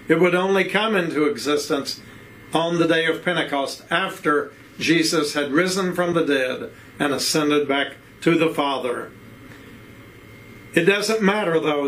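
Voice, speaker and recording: A man with an Appalachian accent preaching a sermon, with rhythmic repeated phrases and rhetorical questions, slowing down to stress key words. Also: on the high side, a bit bright, a little hiss or hum, rough recording.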